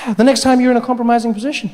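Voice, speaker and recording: A man performing a stand-up comedy set, animated and playful, on a large theater stage. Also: very high-pitched, very fast. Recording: long hall reverb, faint noise.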